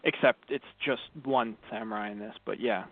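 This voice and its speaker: A man co-hosting a podcast in casual chat, relaxed and hesitant, with many fillers. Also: lowish voice, normal speed. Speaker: podcast co-host. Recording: tinny phone-like sound, dry.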